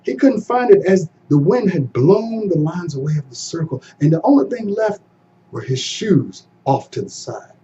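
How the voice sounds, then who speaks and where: A man telling a folktale as a storyteller, dramatic and expressive, moving between hushed and loud passages. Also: high-pitched, moderate pace. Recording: dull, slightly distant recording with faint hum.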